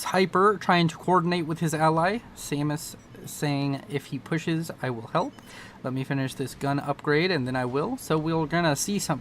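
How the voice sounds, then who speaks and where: A man's voice: fairly high pitch, fairly bright tone, slight background noise. A young man casting a strategy game, joking and mocking himself as he rambles through the play-by-play. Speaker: game caster. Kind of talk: live strategy game commentary.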